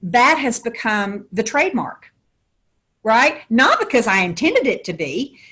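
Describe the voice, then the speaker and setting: A woman's voice: on the high side, very animated, unhurried, a bit bright. Woman, Southern American accent, middle-aged, interview guest, metaphor-heavy storytelling. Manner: talks in folksy metaphors. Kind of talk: podcast interview.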